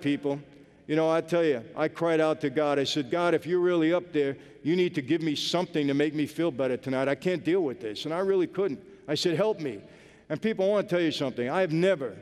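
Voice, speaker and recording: A man with a slightly high, smooth voice gives an earnest personal testimony, speaking emphatically and directly to his audience. The sound carries the long reverb of a large hall.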